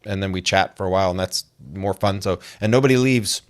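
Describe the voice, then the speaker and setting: Man, low voice, chatty guest, laughs a lot, dry close mic. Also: a little fast, smooth, no echo. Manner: chatty and self-amused, laughs often. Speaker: guest musician. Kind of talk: casual interview chat.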